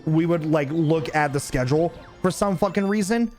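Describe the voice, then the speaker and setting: A man's voice: a little high, normal speed, a little mellow, faint music behind. A young man streaming a game, telling a rambling, profane story in a casual chat.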